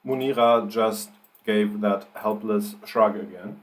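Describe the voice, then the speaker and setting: A man's voice: fairly low pitch, steady tone, slow, low-quality recording. A man on a live writing stream, dictating his story with punctuation spoken aloud and thinking aloud between sentences.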